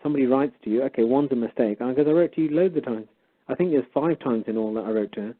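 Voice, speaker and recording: A man's voice: medium pitch, very fast. A man casually retelling a story, animatedly acting out both sides of a conversation. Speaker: guest storyteller. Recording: tinny phone-like line.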